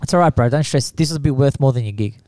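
A man's voice: medium pitch, quick pace, warm tone, a little hiss or hum. A man with a broad Australian accent hosting a casual podcast, blunt and teasing, laughing a lot.

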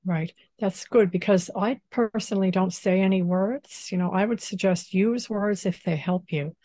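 A woman speaking as a spiritual teacher in an interview, gentle and unhurried, often saying "you know". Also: mid-range voice, dry recording. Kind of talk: calm spiritual interview talk.

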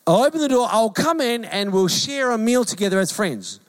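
A man with a New Zealand accent, a pastor preaching a sermon in a lively, joking way and mimicking calls in a high voice. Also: a little fast. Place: church hall.

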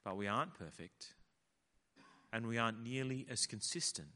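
A male preacher delivers a sermon, his bright voice leaping up and down as he acts out the lines he quotes. A long reverb hangs behind him, as if he is in a large hall. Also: mid-range voice, expressive, normal speed.

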